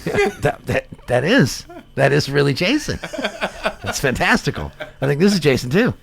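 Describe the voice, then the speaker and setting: A man co-hosting a small local radio show, chatting and joking excitedly, laughing often. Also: a little high, normal speed, gravelly. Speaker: radio co-host. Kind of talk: casual radio banter.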